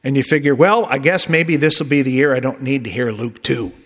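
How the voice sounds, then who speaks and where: A male pastor preaching a sermon in a conversational way, with emphatic rises and soft drops. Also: mid-range voice, brisk. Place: church sanctuary. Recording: long reverb of a church.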